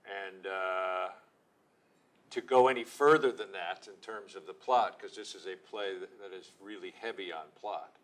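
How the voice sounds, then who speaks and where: Man, low voice, actor guest, casual interview, thoughtful, low-key. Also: steady tone, a little slow, fairly bright tone.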